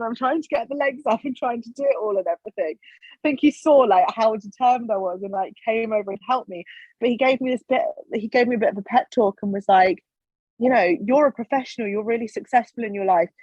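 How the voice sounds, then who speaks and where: A woman's voice: fairly high pitch, fast talker, slightly rough, no echo. A woman, a podcast guest, telling stories in casual chat and acting out what others said. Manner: animated, acts out quoted lines. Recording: slightly dull, dry sound.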